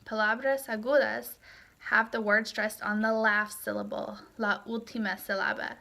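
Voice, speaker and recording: A woman's voice: a little high, level tone, moderate pace, vocal fry, pushed and bright. A young woman teaching a recorded language lesson, explaining steadily with frequent ums. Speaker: Spanish teacher. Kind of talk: recorded lecture walkthrough.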